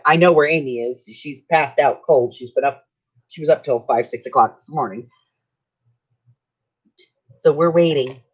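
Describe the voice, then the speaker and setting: A woman's voice: sits low, husky. A middle-aged woman, chatting casually while crafting on a livestream, teasing and laughing often. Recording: dull lo-fi stream audio.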